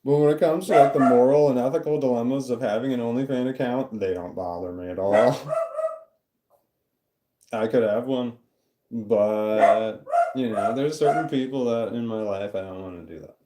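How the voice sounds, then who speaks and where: Phone held at arm's length in his home, a man rambles briskly to his live chat, joking about himself in his mid-range voice. The recording is very noisy, with a dog barking.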